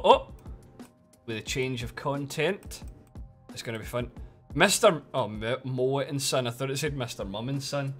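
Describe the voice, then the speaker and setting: A Scottish man streaming a game live, reacting excitably, swearing freely and laughing often. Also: medium pitch. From Scotland. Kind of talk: live gaming commentary.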